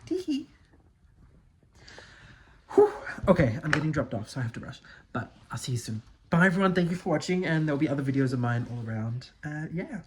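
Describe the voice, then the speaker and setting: A man's voice: mid-range voice, quick pace, background noise. Playful chatty man doing drag makeup. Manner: playful, giggly and self-mocking. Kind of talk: casual chatty vlog narration. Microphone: phone camera.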